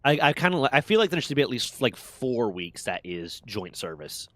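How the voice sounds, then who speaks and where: A man in a casual gaming stream, recounting stories with lively energy and plenty of cursing. His voice sits in a middle register and sounds close and dry, with little room around it. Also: mid-range voice, normal speed, dry recording. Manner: animated storytelling, heavy swearing.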